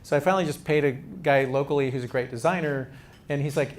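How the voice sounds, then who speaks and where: A man's voice: mid-range voice, fairly even intonation, quick pace. A man mentoring startup founders in a casual, conversational talk to a live audience, with frequent restarts.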